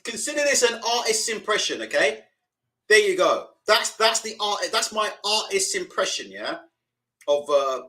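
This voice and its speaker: Over a live boxing stream, a young man with a fairly high, slightly bright voice chats casually, rambling and cursing freely. Between bits of commentary he reads viewer comments aloud, and the audio is poor.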